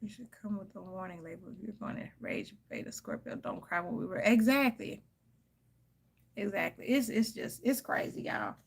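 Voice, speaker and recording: A woman's voice: mid-range voice, normal speed, gravelly, breathy edge. A woman tarot reader in a casual, candid chat, speaking emphatically and calling her listeners "y'all" and "honey.".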